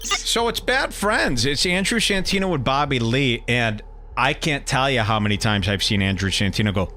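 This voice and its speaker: A man voicing an indignant commentary host ranting in an animated parody. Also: medium pitch, moderate pace, over music, natural voice.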